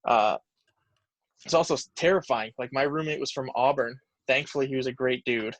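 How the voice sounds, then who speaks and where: A man's voice: mid-range voice, moderate pace, dry recording. A man in his twenties telling stories as an interview guest, rambling and peppering his talk with "like.". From Canada. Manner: rambling, heavy use of "like", reflective. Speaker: guest, pro football lineman. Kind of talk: casual storytelling interview.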